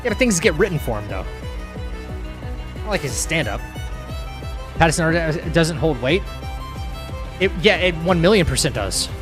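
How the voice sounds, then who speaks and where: A streamer chats loosely with his viewers, tripping over his words and starting sentences over and over. His voice sits a little high for a man. Faint music plays under the talk. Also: big pitch swings, moderate pace, long pauses. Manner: rambling, with frequent restarts and stammers. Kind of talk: casual chat reading live chat.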